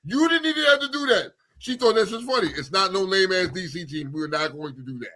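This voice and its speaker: A man from New York City co-hosting a radio talk show, bantering in an animated, slangy way and cutting in to tease his co-host. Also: sits high, a little fast. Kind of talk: casual banter.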